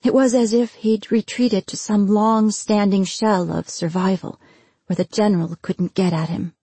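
A woman narrating a fantasy audiobook in a measured, steady way. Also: mid-range voice, breathy edge, no room sound.

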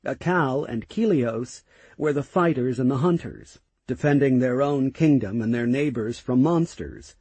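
A man narrating a fantasy audiobook in the first person, with an expressive storytelling manner. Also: mid-range voice, a little slow, breathy edge, no room sound.

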